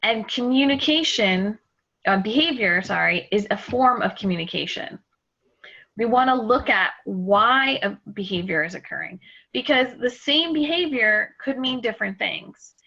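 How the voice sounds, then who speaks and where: Woman presenter, gravelly, bright edge, energetic with restarts, muffled video call audio. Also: on the high side, normal speed. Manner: energetic, explains with fillers and restarts. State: out of breath. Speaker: webinar presenter. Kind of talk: online workshop presentation. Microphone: computer mic on a video call.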